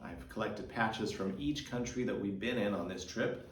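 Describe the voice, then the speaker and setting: A man's voice: on the low side, moderate pace, far from the mic, a little hiss or hum. American man vlogging in an echoey room. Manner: chatty, self-deprecating. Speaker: travel vlogger. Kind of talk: casual vlog narration. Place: echoey room above a karaoke bar. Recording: echoey room, mic set back.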